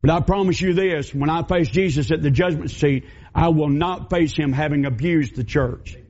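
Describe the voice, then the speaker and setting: High-voiced preacher, folksy and fiery. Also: male voice, normal speed, a little mellow. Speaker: pastor. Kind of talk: sermon. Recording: dull lo-fi recording.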